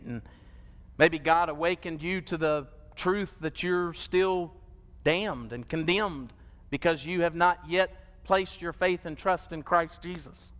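A man preaching a sermon, building to drawn-out, impassioned peaks. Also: on the high side, fairly bright tone. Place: church sanctuary. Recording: long hall reverb.

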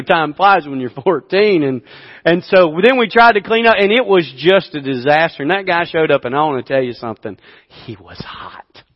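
A man in his fifties preaching a sermon, telling a story and swinging from quiet asides to loud bursts. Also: fairly high pitch, big-room sound, highs cut off. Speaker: pastor.

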